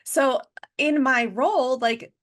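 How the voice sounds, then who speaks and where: A woman who works in school district communications, talking as an interview guest in a chatty, casual way, full of filler words and quick to laugh. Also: high voice. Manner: chatty, heavy use of 'like' fillers, laughs easily.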